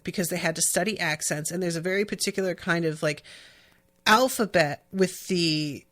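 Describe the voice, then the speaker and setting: A woman's voice: fairly low pitch, a bit bright. A young woman hosts a casual podcast recap. She talks in a loose, rambling way, full of fillers and restarts. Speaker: podcast host.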